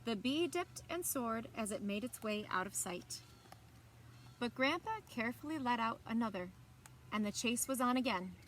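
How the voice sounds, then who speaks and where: A librarian reading a picture book aloud to children, expressive and animated. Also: female voice, on the high side, moderate pace, a little hiss or hum. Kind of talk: children's story time read-aloud.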